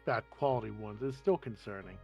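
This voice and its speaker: A man playing in a tabletop game, asking questions in a measured way. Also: lowish voice, gravelly, warm tone, soft background music. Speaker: player. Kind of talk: casual tabletop game play.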